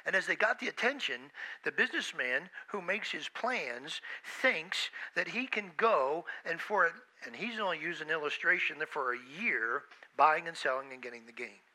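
A man's voice: fairly high pitch, expressive, moderate pace, bright, forceful tone, rough recording. A man preaching a sermon with emphasis, repeating phrases and acting out the voices he quotes. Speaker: pastor.

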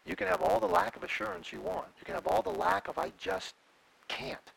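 Middle-aged male pastor, gravelly husky voice, lively folksy sermon delivery. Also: high-pitched, quick pace, low-quality recording. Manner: folksy, conversational preaching with laughs.

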